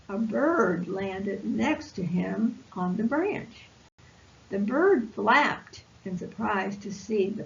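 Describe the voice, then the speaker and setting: A woman volunteer reading a picture book aloud to preschoolers in a slow, expressive read-aloud voice. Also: on the high side, vocal fry. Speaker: volunteer storyteller. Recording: lo-fi recording with faint hiss.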